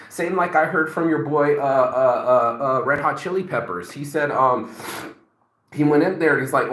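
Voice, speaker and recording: Man, forties, mid-pitched voice, rambling pep talk, profane, lots of ums, roomy echo. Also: brisk, a bit bright. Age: 40s. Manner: rambling, profane, many fillers. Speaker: motivational vlogger. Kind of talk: casual motivational monologue.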